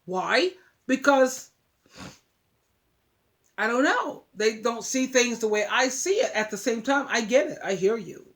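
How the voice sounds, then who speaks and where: A woman's voice: on the high side, animated, a little slow, long pauses. A woman giving emphatic, preachy relationship advice straight to her viewers, often repeating words. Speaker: advice vlogger. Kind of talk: casual talk to camera.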